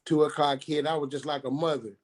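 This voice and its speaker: A middle-aged man, telling his own story on a radio show, halting and restarting as he acts out what others said. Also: a little high, steady tone. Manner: halting, repeats and restarts, quoting others in dialogue.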